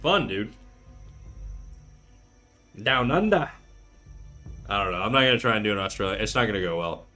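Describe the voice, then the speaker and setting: A man's voice: on the low side, very fast, bright, forceful tone, soft background music. A man in his thirties hosting a drawing livestream, chatting casually and profanely as he reads chat aloud. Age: 30s. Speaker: art livestreamer.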